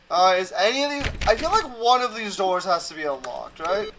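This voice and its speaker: Brief: male streamer, high-pitched, sarcastic casual game commentary. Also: sing-song, fairly quick, hardly any pauses, a bit bright, slight background noise. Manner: sarcastic, playfully exasperated.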